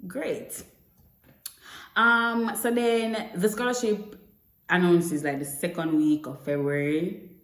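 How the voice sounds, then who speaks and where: A woman's voice: fairly low pitch, fairly even intonation, unhurried. A young woman with a Jamaican accent telling a personal story to camera in a chatty way, slipping between English and Patois. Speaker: vlogger. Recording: echoey room.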